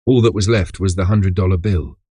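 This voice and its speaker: A man narrating a horror story in the first person in a steady, measured way. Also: low-pitched, husky, no echo, studio quality. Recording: background music under voice.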